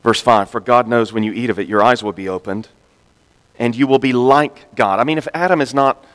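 A man preaching a sermon, animated, acting out quoted speakers with sudden jumps in pitch and loudness. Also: fairly quick. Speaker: pastor. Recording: long reverb in a large hall.

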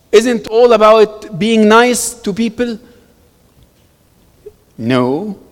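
A man giving an emphatic public talk to an audience, repeating words for stress and telling stories. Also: high voice. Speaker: speaker answering audience questions. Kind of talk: animated public talk with storytelling. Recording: long reverb of a hall.

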